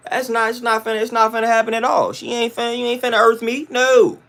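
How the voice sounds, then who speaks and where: A man's voice: very high-pitched, steady tone, fast talker, a bit bright. A man hosting a livestream, ranting to his chat in an emphatic, blunt, slang-heavy way that keeps repeating its points. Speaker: livestream host.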